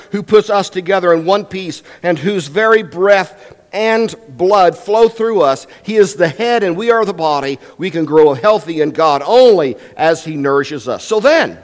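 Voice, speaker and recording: An older man preaching a sermon as a guest pastor in a church, emphatic and varying his pace for effect. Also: high voice. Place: church sanctuary. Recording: long reverb in a church hall.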